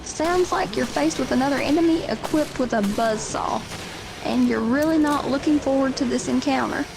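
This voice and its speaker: A woman's voice acting as an AI co-host, calmly and wordily restating what the player says. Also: high-pitched, moderate pace, creaky, background noise. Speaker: AI chat companion co-host. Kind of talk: reflective listening commentary.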